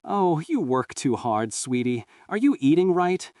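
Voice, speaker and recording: A gentle middle-aged mother with a patient, pitying softness in every word, as a male storyteller puts her on. Her voice climbs high and swings in lively arcs. The sound is dry and set back from the mic. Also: measured pace, no echo, recorded from a distance. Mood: fussing. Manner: soft, coaxing and pitying.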